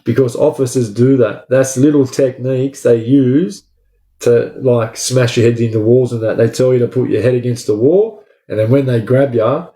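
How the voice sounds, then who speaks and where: In a mellow, medium-pitched voice at a moderate pace, a young Australian man tells a casual story from his past. The room is echoey, and his talk is profane and rambling, full of "like" and "bro."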